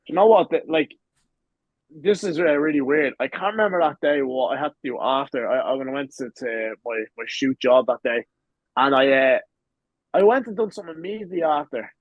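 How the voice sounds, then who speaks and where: A man's voice: a little high, brisk, no echo, narrow, tinny audio. A man in his twenties with an Irish accent, a podcast guest telling long rambling stories and swearing freely in casual chat. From Ireland. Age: 20s. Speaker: guest, pro wrestler.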